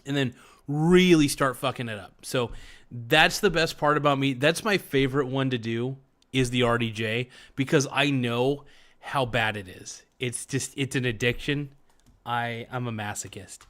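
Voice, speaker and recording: A man's voice: mid-range voice, normal speed, fairly bright tone. Young man, casual livestream host, rambling jokester who pokes fun at himself. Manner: rambling, joking, self-mocking. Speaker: live streamer reading chat.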